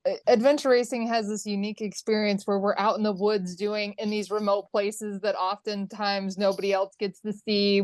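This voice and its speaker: A woman's voice: medium pitch, a little mellow, no room sound. A woman guest in a podcast chat, speaking earnestly about shared racing experiences. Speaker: guest racer. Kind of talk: casual chat.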